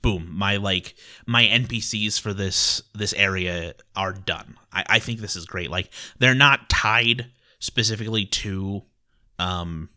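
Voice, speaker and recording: Male podcast co-host, low and bright voice, rambling casual chat. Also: a little slow. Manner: rambling and animated, full of "like" fillers. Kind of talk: casual chat about tabletop adventures.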